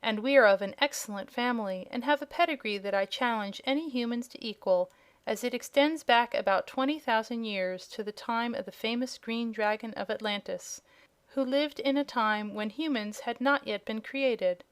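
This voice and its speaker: A woman voicing a proud, hungry young dragonette who speaks politely and regretfully, in a clear, smooth voice. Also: on the high side, moderate pace, lightly acted. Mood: haughty polite. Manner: polite, regretful, slightly haughty. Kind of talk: audiobook character voice.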